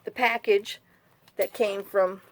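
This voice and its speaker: A woman's voice: medium pitch, steady tone, slow pace. A woman chatting casually as she makes a journal, rambling through stories and complaints. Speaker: journal-making craft vlogger. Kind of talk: casual chat while crafting.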